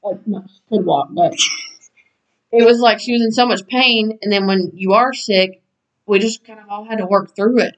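A woman's voice: medium pitch, moderate pace, far from the mic. A woman co-hosting a podcast, talking in an earnest, conversational way. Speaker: podcast co-host. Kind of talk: casual chat. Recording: dull, set back from the mic.

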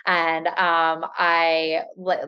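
A woman's voice: low voice, completely flat delivery, extremely slow, clear, resonant tone, highs cut off. A woman tarot reader as a guest, chatting casually and filling her talk with "like" and restarts. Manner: chatty, filler-heavy, many restarts with "like". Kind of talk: casual conversational interview.

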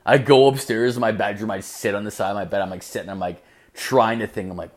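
A man's voice: lowish voice, fairly even intonation, fast talker. A young man telling a story in casual comedic style, rambling and profane, with constant use of "like".

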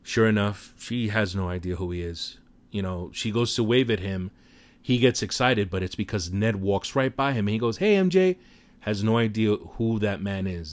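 Low-voiced man recapping a movie. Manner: animated retelling with casual swearing. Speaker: film recap commentator.

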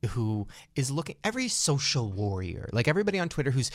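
A young man in his twenties hosting a podcast, ranting in an animated way, swearing often and laughing as he talks. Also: mid-range voice, quick pace, dry recording. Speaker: podcast host. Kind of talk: casual chat.

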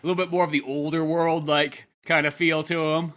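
A man's voice: a little high, flat delivery, brisk, fairly bright tone. A man chatting casually on a podcast about a film, rambling with many fillers. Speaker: podcast co-host. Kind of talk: casual film-review chat.

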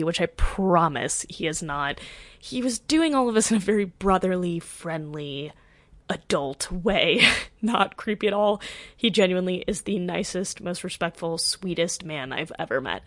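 A woman's voice: mid-range voice, no room sound. A young woman hosting a podcast, telling a story in a gushing, chatty way with many "like"s. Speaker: podcast host. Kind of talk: casual storytelling.

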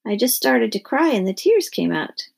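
A tearful, dramatic little girl from a storybook, wailing and protesting in a raised, gravelly voice, as a woman reader puts her on. The tone is breathy and rough, and her complaints come out high and pleading. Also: very animated, normal speed, a little mellow, full character voice. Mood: puzzled. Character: young girl, dramatic crybaby.

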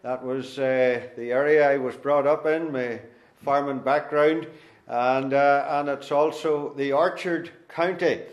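A man's voice: medium pitch, steady tone, measured pace, roomy sound, highs cut off. A middle-aged man with a Northern Irish accent, a guest preacher introducing himself in a homely, folksy way before reading scripture. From Northern Ireland. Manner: homely, folksy, with gentle self-deprecating humour. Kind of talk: sermon introduction and Bible reading.

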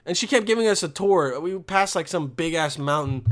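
Young male vlogger, higher voice, profane animated rambling rant. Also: moderate pace. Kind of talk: casual vlog rant.

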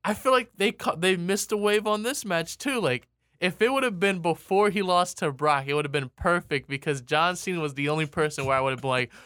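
A man co-hosting a casual podcast, animated and often laughing as he chats. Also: high-pitched, no room sound, clean studio sound. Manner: animated, laughing, quick impressions. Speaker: podcast co-host. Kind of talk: casual wrestling podcast chat.

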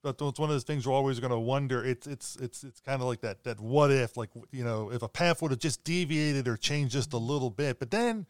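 A man conducting a casual interview, speaking in a relaxed, reflective way that trails off and restarts. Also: mid-range voice, fairly quick, hardly any pauses, no echo, clean studio sound.

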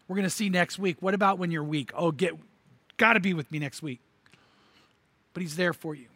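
A man's voice: high-pitched, pushed and bright, dry recording. An older man, a pastor, preaching a sermon with energy, repeating words and building emphasis.

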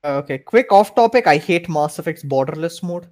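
A man's voice: on the high side, lively intonation, normal speed, a little mellow. A man co-hosting a podcast in casual chat, talking with hesitant, stammering restarts. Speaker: podcast co-host.

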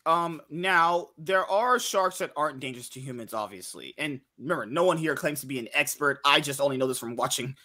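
A man's voice: fairly high pitch, animated, fairly quick, few pauses, sharp tone. A man hosting a casual podcast, rambling and joking, often laughing as he talks. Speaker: podcast host.

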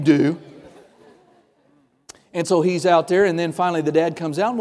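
A male pastor delivers an animated sermon, dropping to a hush and then rising to loud declarations. His voice sits fairly high. The sound carries a long reverb from a large church hall. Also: normal speed, long pauses. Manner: animated preaching, swinging between hushed and loud.

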